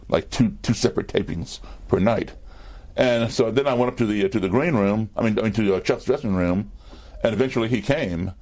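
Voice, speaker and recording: Man, interview guest, low voice, chatty storytelling, fillers and restarts, TV studio. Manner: animated anecdotes with fillers and restarts. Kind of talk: storytelling in conversation.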